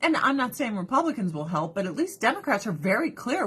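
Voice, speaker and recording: A woman with a slightly husky voice talks through her skincare routine. Her pitch leaps up and down as she rants with profanity and sarcasm and slips into mocking impressions. The delivery is loose and casual, like an off-the-cuff vlog. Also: fast. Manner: animated, drops into mocking voices. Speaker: vlogger.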